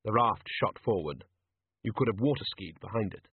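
Husky man narrating an audiobook. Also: lowish voice, lively intonation, moderate pace, no echo. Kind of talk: audiobook narration doing character voices. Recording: tinny lo-fi dry recording.

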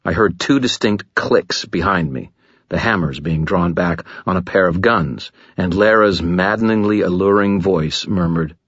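A man's voice: low voice, unhurried, husky, no echo, dull audio. A man narrating a first-person audiobook in a gritty, tense storytelling manner.

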